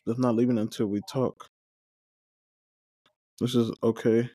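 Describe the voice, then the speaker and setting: A man in a watch-along, recapping an episode and reading the characters' lines aloud. His pitch is a middle one for a man, and the recording is dry and close, with no room sound. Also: level tone, a little slow, mellow, no room sound. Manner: paraphrases scenes, quotes characters with brief joking asides. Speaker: watch-along podcast host.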